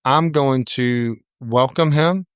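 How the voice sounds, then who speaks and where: A middle-aged man in a relaxed podcast chat tells a story with plenty of animation, slipping into quoted voices as he goes. His voice sits at an ordinary middle pitch. The recording is close and dry, with no room sound. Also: slow pace, smooth, no room sound. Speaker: salon owner, podcast co-host.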